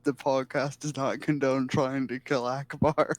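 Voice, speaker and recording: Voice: mid-range voice, flat delivery, unhurried, no room sound. A guest on a podcast, giggling through casual chat.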